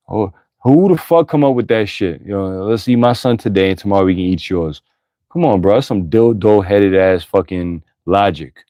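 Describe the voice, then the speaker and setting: A man with a low voice teaches from the Bible, reading verses aloud before breaking into crude, forceful street-style commentary. He is profane, blunt and emphatic, with bursts of laughter. The recording is dry and close, with no room sound.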